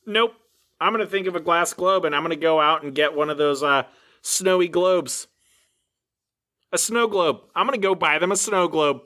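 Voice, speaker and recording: Bright-voiced rambling man co-host. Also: a little high, moderate pace. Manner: rambling, filler-heavy, defensive banter. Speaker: podcast co-host. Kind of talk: casual comedic chat.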